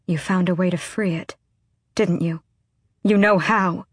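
A woman voicing a defiant young queen who speaks in heated, forceful bursts. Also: fairly low pitch, steady tone, measured pace, breathy edge, no room sound. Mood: furious. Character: fiery young queen, sharp-tongued and defiant.

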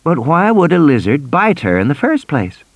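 A man's voice: fairly high pitch, wildly swooping pitch, moderate pace, no echo, voice pushed up, exaggerated voice. A man voicing a worried mother in an audiobook, speaking anxiously.

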